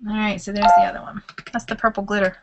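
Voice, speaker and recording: A woman's voice: medium pitch, flat delivery, fast, vocal fry, heavy background noise. A middle-aged woman chatting casually at home in a crafting vlog, laughing often. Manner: chatty, laughs often, squeals when startled. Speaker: crafting vlogger.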